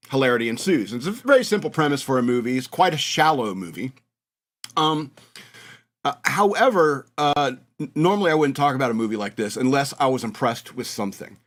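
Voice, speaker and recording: A man's voice: medium pitch, very animated, brisk, fairly bright tone. An American man hosting a radio show, talking in a rambling, mocking monologue and laughing at his own jokes. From United States. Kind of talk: casual comedic monologue.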